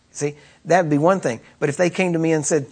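A man's voice: on the high side, steady tone, normal speed, a little mellow, slightly rough. A man preaching a sermon in a conversational way, often asking the congregation rhetorical questions. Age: adult with children.

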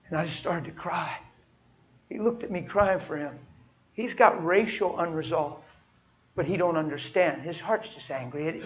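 A man preaching a sermon and telling personal stories, speaking emphatically and swinging from soft, quiet moments to loud, forceful passages. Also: fairly high pitch, moderate pace, muffled recording.

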